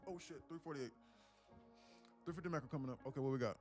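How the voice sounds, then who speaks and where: A man's voice: a little high, quick pace. A man talking bluntly and profanely in a rambling way while day trading on a live stream. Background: music.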